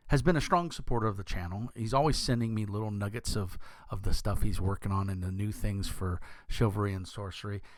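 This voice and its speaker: A young man with a deep voice, talking casually as a channel host, rambling with many fillers and restarts. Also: dry recording. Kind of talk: casual talk to camera.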